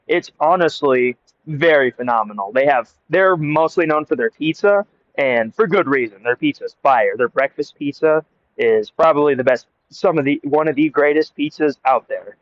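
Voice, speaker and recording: Laughing frequently, a young man from the United States rambles through a story outdoors, speaking into earbud mics for his storytelling vlog. His fairly high voice is expressive and moves at a normal speed, and the earbud recording sounds dry, muffled and lo-fi.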